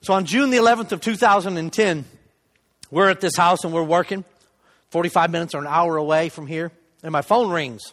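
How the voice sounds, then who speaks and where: A middle-aged man with a notably high, light voice, delivering a sermon testimony in a church. He talks conversationally and pokes fun at himself, dropping to a hush for asides and rising for emphasis. Long reverb from the hall trails his words. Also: a little fast. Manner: conversational, self-deprecating, swings between loud emphasis and hushed asides. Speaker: lay preacher giving a testimony.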